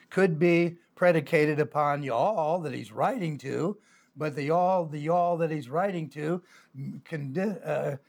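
A man, a pastor teaching a sermon, reading scripture slowly and then arguing it through conversationally with fillers. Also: fairly high pitch, darkish tone.

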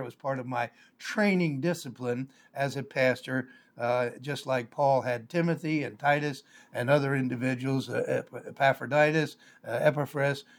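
An older man, a pastor, giving a measured, explanatory Bible lesson on a live stream, with frequent "uh" fillers. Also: medium pitch.

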